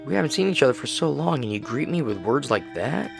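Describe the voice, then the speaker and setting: A man voicing a gentle middle-aged mother back from the grave, soft, doting and eerily calm, in a horror game. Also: medium pitch, fast, vocal fry, music in the background, pitched above the performer's own voice.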